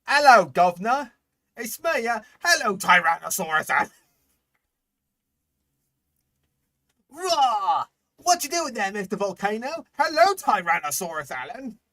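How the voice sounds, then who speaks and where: A man's voice: very animated, moderate pace, no echo, studio quality, full character voice. A man putting on a silly Cockney-style dinosaur voice as a mocking caricature. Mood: goofy. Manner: shouty squeaky caricature.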